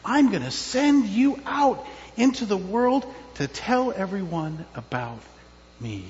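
A man voicing God, calmly giving a task in a church. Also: high voice, slow pace, exaggerated voice. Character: God, a calm commanding divine voice. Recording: dull with long church reverb.

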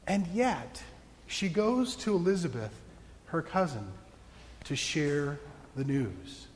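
A man's voice: on the high side, lively intonation, takes it slowly, in a large hall. A male pastor preaching a sermon in a church, playful and joking with his congregation.

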